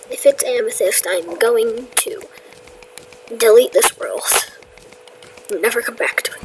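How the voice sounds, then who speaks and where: A woman's voice: fairly high pitch, unhurried, long pauses, a little hiss or hum, rough recording. A woman giving casual, chatty commentary over her gameplay, self-mocking and often dropping into whispers. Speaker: gamer.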